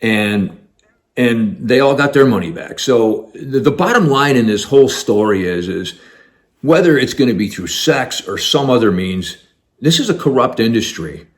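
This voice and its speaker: A man, an actor, telling a personal story in an animated way, acting out the dialogue as he goes. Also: mid-range voice, normal speed.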